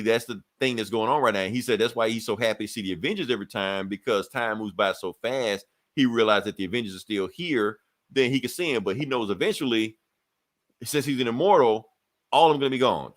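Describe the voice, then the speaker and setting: A man in a relaxed podcast chat recaps a comic book plot in a loose, animated way. He swears freely and slips into quick voices for the characters as he tells it. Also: medium pitch. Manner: animated storytelling, acting out characters' lines, profane. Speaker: podcast co-host.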